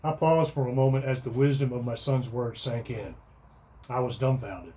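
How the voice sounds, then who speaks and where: A man's voice: medium pitch, normal speed, a little hiss or hum. Dry-voiced middle-aged man telling a story. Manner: dry storytelling, bursts into loud shouting for quoted lines. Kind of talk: first-person comic story reading.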